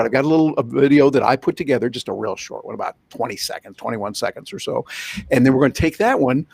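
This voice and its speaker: A man presenting a live online workshop, talking in an animated, playful storytelling way over a video call. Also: medium pitch, fast, gravelly, husky, dry recording. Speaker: guest presenter, professional speaker.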